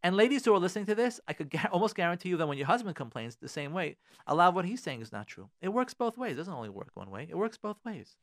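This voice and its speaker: A man's voice: sits high, big pitch swings, fast, few pauses. A man hosting a radio advice show from a studio, talking emphatically, repeating his key phrases and mixing Hebrew prayer words into his English. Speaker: radio show host giving relationship advice.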